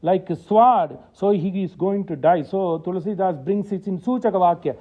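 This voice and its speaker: A man's voice: high-pitched, expressive, a little slow, few pauses, narrow, tinny audio. A man giving a devotional scripture lecture at a temple, chanting verses in a singsong way and explaining them in English. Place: temple hall.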